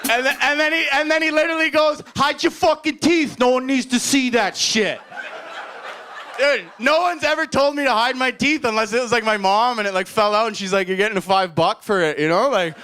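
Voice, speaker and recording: A young man with a high, ringing, bright voice tells a rambling story on a live comedy show stage. He sounds nervous and excitable, swears freely and leans on fillers as he talks. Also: quick pace, few pauses, slight background noise. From Edmonton, Alberta, Canada. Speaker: stand-up comedian guest.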